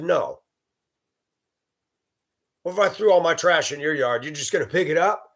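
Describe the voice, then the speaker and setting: A man's voice: a little high, very animated, moderate pace, long pauses, fairly bright tone. A man telling a sarcastic, profane story as a ranting monologue to camera. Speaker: vlogger.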